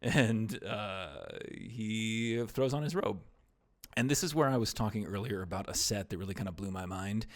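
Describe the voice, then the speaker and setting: Low-voiced rambling male podcast host. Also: moderate pace. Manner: rambling, wry, trails off into mumbles. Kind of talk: casual film discussion podcast.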